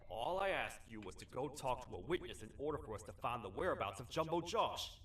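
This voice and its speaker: An actor playing a short-tempered sheriff creature in a video game. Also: male voice, mid-range voice, sing-song, fairly quick, slight background noise. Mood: stern. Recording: roomy distant game audio with loud music.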